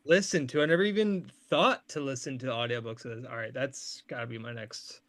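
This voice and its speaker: A man's voice: mid-range voice, a little fast, fairly bright tone. A man co-hosting a podcast, bantering and teasing the others in a playfully dramatic way. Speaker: podcast co-host. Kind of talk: casual banter.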